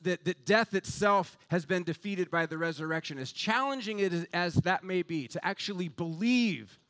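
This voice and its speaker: A man's voice: sits high, normal speed, a bit bright. A man preaching an Easter sermon with fervent, building rhetorical emphasis. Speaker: pastor.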